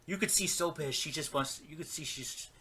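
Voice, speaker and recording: Casting note: male podcast co-host, bright tense voice, slightly high, chatty storyteller. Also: moderate pace. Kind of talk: casual wrestling podcast chat.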